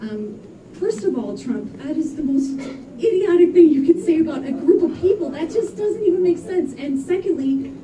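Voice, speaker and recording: A woman performing a stand-up comedy set in a club, animated and exclaiming, laughing between punchlines. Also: very high-pitched, normal speed. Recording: echoey room from far off with crowd. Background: audience laughter and room noise.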